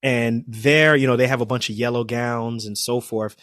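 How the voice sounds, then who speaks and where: A man's voice: medium pitch, fairly even intonation, normal speed, fairly bright tone, no room sound, studio quality. A man from New Jersey, a trauma surgeon, telling his story as a podcast guest and acting out what people said. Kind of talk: storytelling interview.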